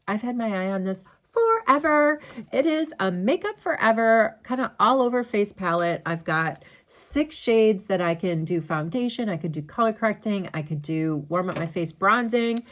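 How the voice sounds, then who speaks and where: A middle-aged woman chatting casually and rambling as a beauty vlogger, recording in her home basement. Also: fairly low pitch. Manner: chatty, rambling, laughs often. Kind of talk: casual chat.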